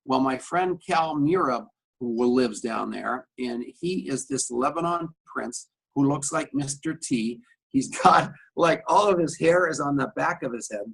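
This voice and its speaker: A middle-aged man who hosts a radio talk show spins an animated anecdote in a coffee shop, voicing each person in it. His voice sits a little high and has a gravelly, husky grain. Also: a little slow, poor audio. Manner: animated anecdote telling, acting out both sides of a conversation. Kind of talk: storytelling on camera.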